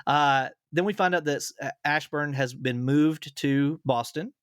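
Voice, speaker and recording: Lively man hosting a film podcast. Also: a little high, measured pace, clear, resonant tone, dry recording, clean studio sound. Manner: animated scene retelling with frequent laughter. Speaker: podcast host. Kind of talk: casual film podcast chat.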